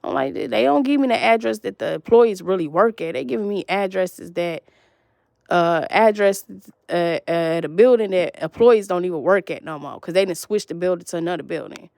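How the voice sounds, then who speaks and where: Woman ranting to camera, kinda creaky, swearing nonstop, rambles and repeats herself. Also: fairly low pitch, brisk, darkish tone, no echo, studio quality. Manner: profane, agitated, repetitive storytelling.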